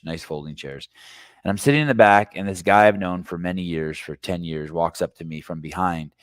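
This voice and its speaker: Podcast host, middle-aged man, very low voice, dry close sound, rambling storyteller. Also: dry recording. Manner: rambling storytelling, swears casually. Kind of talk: casual chat.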